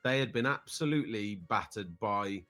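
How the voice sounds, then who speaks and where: A man's voice: fairly low pitch, expressive, moderate pace, sharp tone, soft background music. British man telling a long story. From United Kingdom. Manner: rambling, repeats words when starting sentences. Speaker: podcast guest. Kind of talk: casual storytelling.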